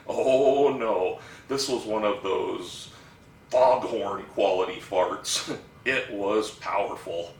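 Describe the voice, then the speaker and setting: A man tells a comic story on stage at an unhurried, deliberate pace. His voice carries from a distance across a roomy theatre, with a faint hiss underneath. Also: fairly low pitch, a bit bright. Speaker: stage actor performing a monologue.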